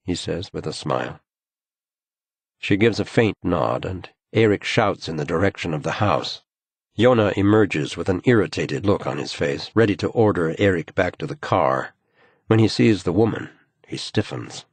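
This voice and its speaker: Male narrator, very deep voice, slow measured delivery, slightly husky, dry sound. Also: expressive, no echo. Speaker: audiobook narrator. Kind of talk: scripted narration.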